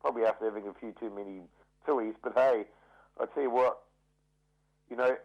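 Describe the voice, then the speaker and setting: A man's voice: mid-range voice, steady tone, brisk. A man with a New Zealand accent calling into a radio show, hearty and enthusiastic. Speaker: radio caller. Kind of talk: casual phone call. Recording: dull phone line.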